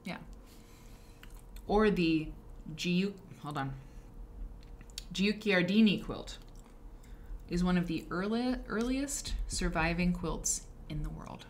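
A woman hosts a live stream in a low voice, chatting casually and wandering off into asides. She corrects herself often and keeps the tone loose. A faint background hiss sits under her voice. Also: lively intonation, slow, pauses often. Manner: chatty and rambling, with frequent asides and self-corrections. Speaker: livestream show host. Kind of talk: casual live-stream talk about quilt history.

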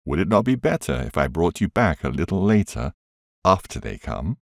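A man doing a gentle, patient brother. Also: sits low, wildly swooping pitch, moderate pace, vocal fry, slightly rough, no room sound, studio quality, full character voice. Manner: gentle, kind.

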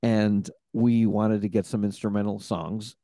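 A podcast host telling stories in a casual chat, rambling with many fillers. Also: male voice, lowish voice, steady tone, unhurried, warm tone, no echo, studio quality.

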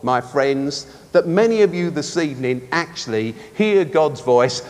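A man preaching a sermon at a conference, expressive and animated. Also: a little high, a little slow. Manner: animated, expressive, acts out voices. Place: large tent or hall at a conference. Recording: long reverb of a large venue.

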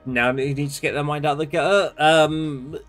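A man's voice: on the high side, fairly even intonation, moderate pace, a bit bright, faint music behind. A young man streaming a game, chatting casually and a bit sleepily as he answers his chat in a rambling way. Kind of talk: casual live-stream chat while gaming.

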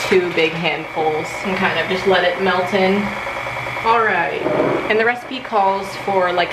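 A young woman casually chatting as she cooks and eats at home, bubbly and swearing now and then. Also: medium pitch. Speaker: cooking vlogger. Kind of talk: casual cooking vlog. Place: home kitchen. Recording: echoey kitchen, clear background noise.

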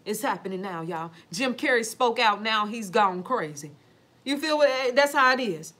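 Lady ranting on a home livestream, cussing a lot, talking straight to her viewers, kinda high voice. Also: animated, moderate pace, fairly bright tone. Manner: emphatic, swears freely, addresses viewers directly. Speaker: livestream talker reading viewer comments. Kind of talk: casual profane livestream monologue.

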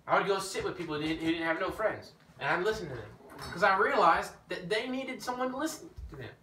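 A man preaching an informal teaching sermon, telling his own story in an animated way that rises when he gets emphatic. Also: high voice, fast. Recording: echoey room, mic at a distance, faint background noise.

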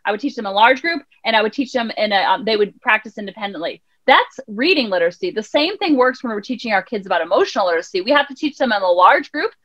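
Animated woman guest on a podcast, high and quick, on a dull lo-fi recording. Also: dry recording. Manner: animated, acts out quotes in voices. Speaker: child counselor and life coach guest. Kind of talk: podcast interview conversation.

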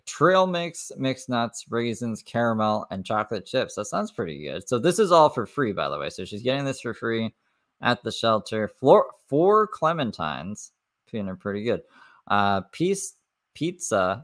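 A man's voice: mid-range voice, a bit bright. A man hosting a livestream, reacting to clips with sarcastic, profane, mocking commentary. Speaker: commentary streamer.

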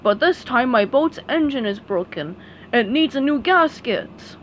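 A woman putting on a booming ghost pirate captain. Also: expressive, unhurried, fairly bright tone, a little hiss or hum. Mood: menacing.

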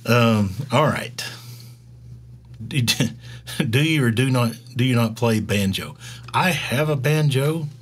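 His mid-range voice sounds animated as this middle-aged Georgian, drawling in true Southern fashion, runs a developer live stream. The talk wanders loosely, stopping and starting, packed with filler words.

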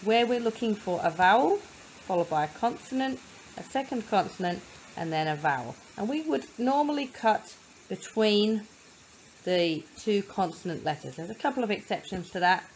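Woman tutor, patient phonics lesson, sounds out syllables, mid-pitched voice. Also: lively intonation, a little hiss or hum, rough recording. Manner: patient, sounds words out slowly.

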